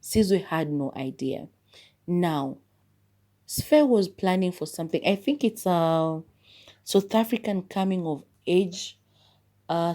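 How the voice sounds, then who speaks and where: A woman podcast host with a low voice and a warm, mellow tone. She walks through a film's plot in easygoing conversation, filling the gaps with "like" and shrugging off details with "blah, blah, blah.". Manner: chatty, loose retelling with many "like" fillers and "blah, blah, blah". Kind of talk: casual movie review retelling the plot.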